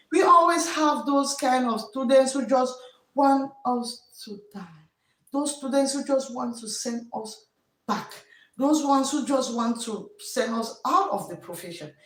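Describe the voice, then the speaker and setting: A woman teacher with a West African English accent hosts a live stream in a casual way, greeting viewers by name, repeating her words and encouraging them with preachy advice. Her voice is a little high. She sounds off mic and distant in an echoey room.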